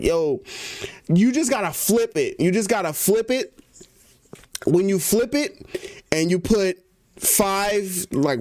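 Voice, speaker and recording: A man's voice: fairly high pitch, a little mellow, dry recording, clean studio sound. Rambling man in casual stream chat. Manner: loose, rambling, laughs easily. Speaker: music producer and streamer.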